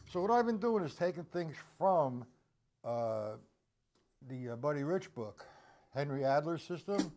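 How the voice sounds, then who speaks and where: Slow, patient male drum teacher. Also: mid-range voice, noisy background. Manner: slow and patient, counting beats aloud. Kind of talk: live-streamed drum lesson.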